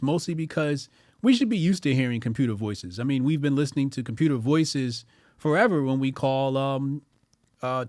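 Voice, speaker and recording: A man hosting a casual livestream commentary, slangy and profane, talking to his chat and swinging between loud excitement and low mumbling. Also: no room sound, studio quality. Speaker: streamer and news commentary host.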